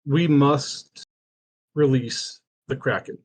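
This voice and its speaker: A man voicing a mysterious letter writer, reading a plea for help slowly and formally. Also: mid-range voice, fairly even intonation, darkish tone, husky. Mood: grave.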